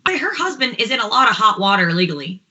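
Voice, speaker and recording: A woman panelist on a talk show, assertive and opinionated, with quick asides. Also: fairly high pitch, very animated, pushed and bright, lo-fi sound. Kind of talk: casual panel chat.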